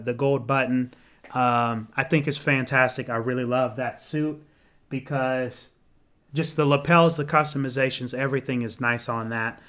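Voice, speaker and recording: A young man casually answering viewer comments on a live stream, rambling with ums and restarts, clearing his throat and losing his voice. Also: on the high side, bright, forceful tone. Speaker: menswear YouTuber hosting a live Q&A.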